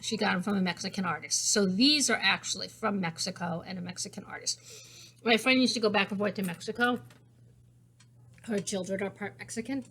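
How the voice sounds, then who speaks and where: A woman's voice: mid-range voice, brisk, pushed and bright, slightly rough. Chatty woman rambling through a show-and-tell. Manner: rambling, chatty, many fillers and restarts. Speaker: knitting podcast host; teacher. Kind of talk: casual show-and-tell chat.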